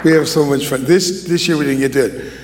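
A man preaching as a guest speaker in a church, joking and emotional, poking fun at himself between warm words to the congregation. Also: on the high side, fairly even intonation, brisk, a faint crowd. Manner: joking, emotional, self-deprecating. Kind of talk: sermon. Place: church sanctuary.

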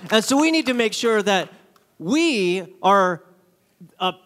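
High-voiced man preaching with lively storytelling. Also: slow pace, slight background noise. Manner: animated storyteller, acts out characters with jumps in pitch. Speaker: guest speaker. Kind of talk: sermon with acted-out stories.

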